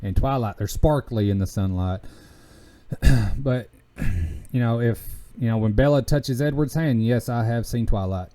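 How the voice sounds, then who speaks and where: Mellow and medium-pitched, a man with a Southern US country accent hosts a podcast in a casual, rambling style. He halts often, filling gaps and starting sentences over.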